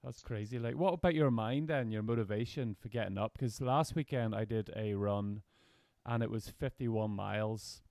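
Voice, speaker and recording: A man's voice: fairly low pitch, moderate pace, a little mellow, dry recording, studio quality. A man hosting an interview podcast, talking casually and chattily, laughing easily and swearing in passing. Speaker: podcast host.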